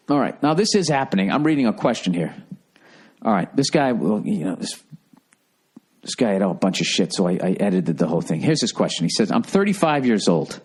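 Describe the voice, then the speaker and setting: His voice is mid-range and a little mellow with a breathy edge. A middle-aged comedian and podcast host, he delivers a rambling, profanity-laced comic rant, full of sarcasm and mocking impressions of people.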